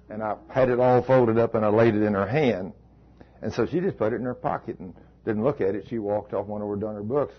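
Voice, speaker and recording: A man's voice: medium pitch, fast, slight background noise. A man preaching, telling a story in a folksy, colloquial way. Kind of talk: storytelling sermon. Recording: dull lo-fi recording.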